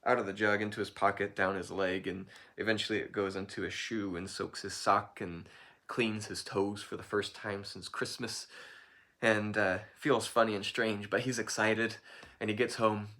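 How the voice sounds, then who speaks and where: Male storyteller, casual folk tale, playful, gravelly, bright. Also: fairly low pitch, moderate pace. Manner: lively, playful, with animal noises.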